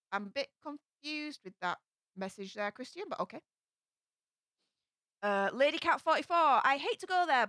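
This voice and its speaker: A woman's voice: mid-range voice, a bit bright, clear, resonant tone, no room sound, clean studio sound. A young woman with a Yorkshire accent hosting a casual live stream, chatting and reading viewer comments aloud with plenty of ums. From England.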